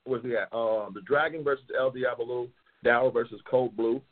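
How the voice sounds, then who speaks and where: A man hosting a casual talk show who reads out race matchups, loud, profane and excitable, sometimes yelling. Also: mid-range voice, normal speed. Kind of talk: casual livestream chat, reading race matchups. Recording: tinny phone-like sound.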